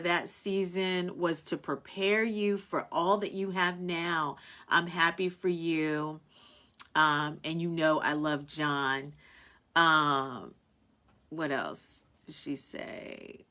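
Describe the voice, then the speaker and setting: A woman with a low voice hosts a casual live-stream chat and reads viewer comments aloud. She talks in a heartfelt, meandering way, restarting sentences and filling pauses with "um" and "you know.". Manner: warm, heartfelt, rambling with many fillers and restarts. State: tearful at moments. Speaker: host of a live online show.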